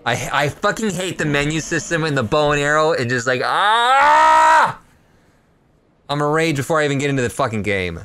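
A man's voice: fairly high pitch, quick pace, few pauses, fairly bright tone, a little hiss or hum. A man streaming a video game live, talking to his chat, often frustrated and swearing. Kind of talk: live gameplay stream commentary.

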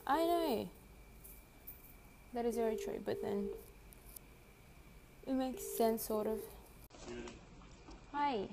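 A woman's voice: fairly high pitch, expressive, slow, vocal fry, pauses often, background noise. An eighteen-year-old woman, telling a story with giggles and rambling on a phone livestream outdoors in a city. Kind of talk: casual livestream chat.

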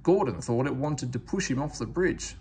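A man reading a children's train storybook aloud, with expressive narration. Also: mid-range voice, normal speed, slight background noise. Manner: expressive, lively character reading. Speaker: storybook reader.

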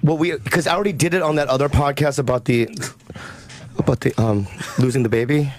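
A man's voice: medium pitch, fairly quick. A man, a comedian guest on a radio show, rambling in a flustered, sheepish way. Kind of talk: radio studio banter.

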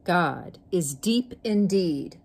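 A woman's voice: on the low side, expressive, drawn-out words, vocal fry, a little mellow, slightly rough, heavily acted. A woman voicing a wise old female turtle. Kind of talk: storybook reading.

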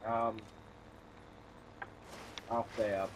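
A man's voice: fairly low pitch, little pitch movement, extremely slow, a little hiss or hum, poor audio. A young man co-hosting a casual let's play, crude and teasing, joking as he plays. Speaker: gaming co-host.

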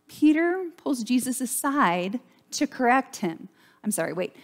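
A woman's voice: fairly high pitch, sing-song, measured pace. A woman pastor preaching a sermon in a church, in a chatty, conversational way and often checking in with "right?".

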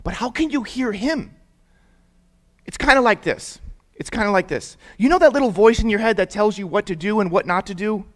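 Young male youth pastor with a high voice, chatty and interactive, leads call-and-response. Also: fairly quick. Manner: lively, prompts the audience to repeat words; conversational storytelling with casual fillers. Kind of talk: interactive sermon for young people.

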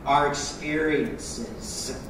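A man preaching a sermon as pastor, joking and lively with sudden loud bursts. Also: on the high side, extremely slow, heavy reverb, far from the mic, background noise.

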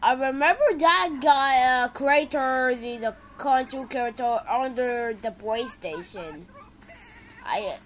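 Woman reacting to vids, super lively pitch, talks slow, gets loud then mumbly. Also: a little hiss or hum, rough recording. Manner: excitable, exclaiming, swings from loud outbursts to mumbling. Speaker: video reaction creator. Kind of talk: casual reaction commentary.

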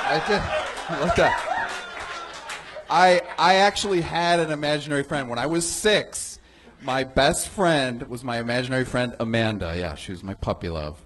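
A man doing a stand-up set, mixing deadpan setups with sudden exaggerated squeaks. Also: slight background noise. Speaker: stand-up comedian. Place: comedy festival stage before a live audience.

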